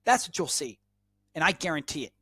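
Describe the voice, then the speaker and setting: A man's voice: a little high, very animated, a little fast, bright, forceful tone, husky, no room sound. An American man hosting his own channel, giving an emphatic, repetitive solo monologue that lectures the viewer. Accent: American English. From United States. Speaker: channel host.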